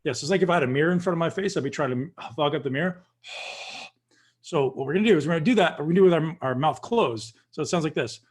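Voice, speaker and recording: A man guest on a video call, calmly guiding listeners through a breathing practice and addressing them directly. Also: on the high side, rapid-fire, hardly any pauses, husky. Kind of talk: coaching instruction.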